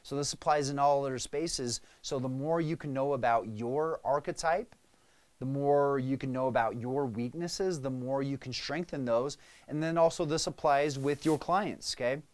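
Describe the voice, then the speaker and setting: A man's voice: mid-range voice, moderate pace. Chatty male coach with check-ins. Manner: conversational, frequent "right?" and "okay?" check-ins. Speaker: business coach. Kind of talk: casual talk to camera.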